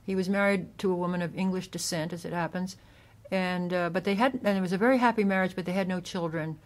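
Speaking quickly with fairly even intonation, a woman with a somewhat low voice appears as an author guest in a relaxed interview. She gives long explanations of history, now and then starting her sentences over.

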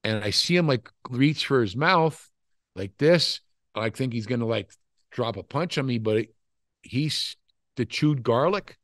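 A man's voice: medium pitch, a little slow, dry recording, clean studio sound. An older man telling rambling, profane stories from his wrestling days in a casual interview. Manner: profane, rambling, animated storytelling. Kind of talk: casual storytelling.

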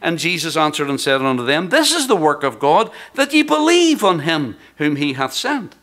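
A man, the church's pastor, preaching a sermon, rising loud when he reads scripture and dropping to quiet, hushed words. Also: fairly high pitch, sing-song, normal speed. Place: church sanctuary.

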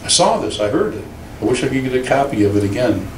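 A pastor preaches in a lively storytelling manner, acting out quotes as he goes. His voice sits at an ordinary pitch for a man and rings through a large church. It is picked up from a distance, with faint room noise behind him. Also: fast. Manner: animated storytelling with acted quotes. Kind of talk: sermon. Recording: roomy church sound from a distant mic.

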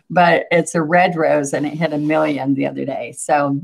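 Older woman, painting teacher on a livestream, low-pitched, gravelly, sociable. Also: steady tone, moderate pace. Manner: chatty, greets viewers, laughs often. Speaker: painting instructor hosting a livestream. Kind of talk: casual live painting lesson.

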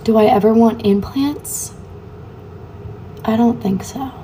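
A woman's voice: fairly high pitch, takes it slowly, warm tone, a little hiss or hum. Chatty young woman answering live comments. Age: young adult. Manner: chatty, reads comments aloud and answers them offhandedly. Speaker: livestreamer. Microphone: phone.

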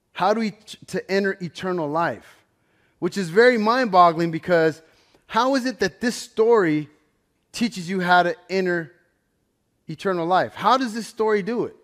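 A man leading a Bible study, telling stories in a casual, conversational sermon style and often checking in with "right?". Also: high-pitched. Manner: conversational, keeps asking "right?"; animated, swings loud and soft.

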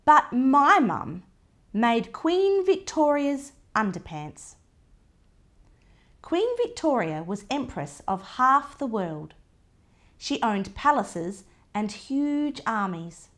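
Animated woman reading a picture book. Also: a little high, slow. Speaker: storybook reader.

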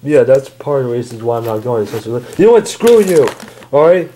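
A man's voice: mid-range voice, sing-song, a little fast, warm tone, a little hiss or hum. A man bickering and stammering through a homemade comedy skit in which he plays several characters.

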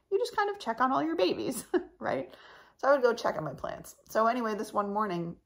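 A woman's voice: lowish voice, gravelly. A woman vlogger chatting casually to her viewers, rambling and laughing often, her voice a little cracked in the morning. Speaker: channel host. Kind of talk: casual chat to camera.

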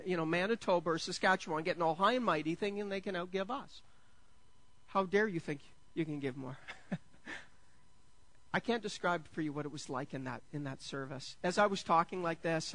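A man, preaching a sermon as pastor. He is jokey and self-deprecating, stumbles over restarts, and builds to excited peaks. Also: sits high, rough recording.

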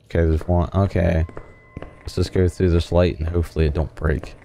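Deep-voiced man mumbling through a horror game. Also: level tone, a little fast, vocal fry, mellow, slight background noise. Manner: casual, jumpy, talking to himself while playing. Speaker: gaming channel host.

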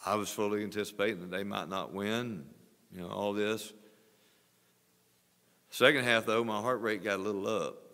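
Older preacher guy, 60s, lowish voice, earnest sermon, church hall echo. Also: steady tone, normal speed, long pauses. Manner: earnest preaching, swelling louder on exhortations. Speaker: pastor. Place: church sanctuary. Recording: long church reverb.

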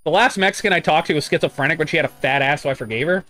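Racing along with a sharp tone, a man whose voice is a little high streams a game live. His talk is casual and rambling, peppered with frequent swearing, and he reads chat aloud as he goes.

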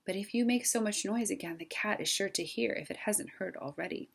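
A woman's voice: medium pitch, brisk, gravelly, slightly rough. Woman reading as a firm little mother mouse. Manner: firm and authoritative.

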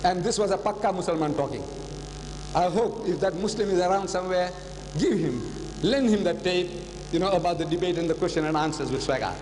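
A man's voice: sits high, brisk, darkish tone, big-room sound, a little hiss or hum, rough recording. An older man telling a story in a public lecture to a live audience, dramatic and repeating phrases for emphasis. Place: lecture hall.

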